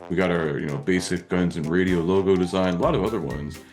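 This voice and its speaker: Man, podcast co-host, very deep, laid-back, faint music. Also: quick pace, darkish tone. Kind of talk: casual chat.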